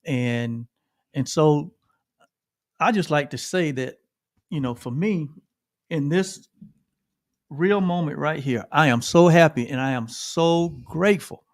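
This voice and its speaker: A man's voice: a little high, slow, pauses often, no room sound. Earnest man co-host, dry close sound. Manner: earnest, repeats phrases, ends with "right?". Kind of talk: reflective livestream talk on gratitude.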